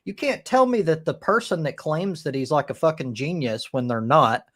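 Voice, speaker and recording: Speaking at normal speed with lively intonation, this live-stream debate host has a somewhat high, slightly bright voice. He argues forcefully, curses a lot, and keeps restarting his sentences.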